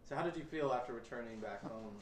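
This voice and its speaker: A man in his thirties interviewing an older veteran, asking short, quiet questions from away from the microphone. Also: mid-range voice, fast, slight background noise. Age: 30s. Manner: quiet, brief prompting questions.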